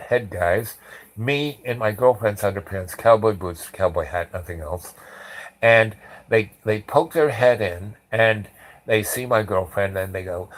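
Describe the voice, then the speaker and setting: A man in his forties telling a rambling personal anecdote, jumping into loud acted-out quotes. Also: on the low side, rough recording. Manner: animated storyteller acting out quotes loudly. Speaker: storyteller.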